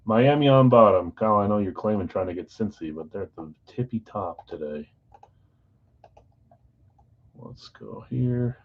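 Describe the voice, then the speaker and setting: Low-voiced man hosting a live card break. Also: normal speed, husky, phone-quality sound. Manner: relaxed, chatty, talks straight to viewers by name. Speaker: host of a live sports card break stream. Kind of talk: casual live-stream chat, reading out team assignments.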